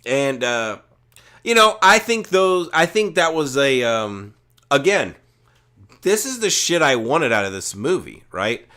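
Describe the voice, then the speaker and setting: Dude rambling thru a movie review on a podcast, swears a lot, lots of ums. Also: male voice, medium pitch, sing-song, unhurried, sharp tone. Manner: profane, rambling retelling with filler words. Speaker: podcast co-host. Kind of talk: casual movie review chat.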